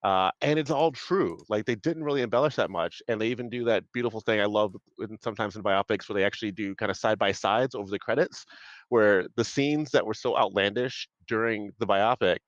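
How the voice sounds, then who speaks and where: A man's voice: fairly low pitch, fairly quick, no echo, lo-fi sound. A man on a panel, rambling enthusiastically about movies in casual chat, full of fillers, over a video call.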